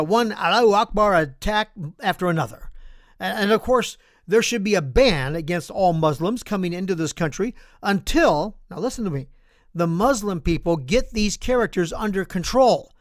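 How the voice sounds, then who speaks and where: An American man, a pastor, preaching a sermon with an animated, emphatic storytelling delivery. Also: high-pitched, no echo, studio quality. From United States.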